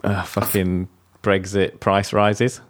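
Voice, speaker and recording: A man with a very low voice co-hosts a relaxed podcast. His delivery is dry and sweary, full of offhand asides. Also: takes it slowly. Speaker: podcast co-host. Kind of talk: casual chat.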